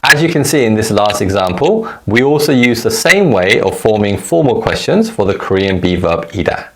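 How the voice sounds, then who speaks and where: A man teaching a recorded language lesson, giving clear, measured explanations and modeling example phrases for learners to repeat. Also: on the low side, very animated, fairly bright tone.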